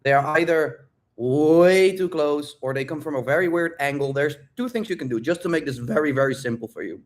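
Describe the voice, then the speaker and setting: A man coaching viewers on dating during a live-stream Q&A, loud, blunt and profane, repeating points with emphatic drill-like stress. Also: a little high, brisk.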